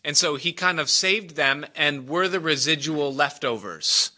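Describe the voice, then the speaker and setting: A man's voice: fairly high pitch, animated, measured pace, bright, forceful tone. A man preaching a sermon in a conversational way, explaining scripture, telling stories and chuckling between points. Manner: conversational, chuckles often, tells jokes and stories.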